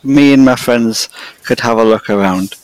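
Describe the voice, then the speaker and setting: A man's voice: medium pitch, normal speed, darkish tone, no echo, low-quality recording. A man playing his tabletop character, friendly and helpful in manner. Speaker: player. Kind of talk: in-character tabletop role-play.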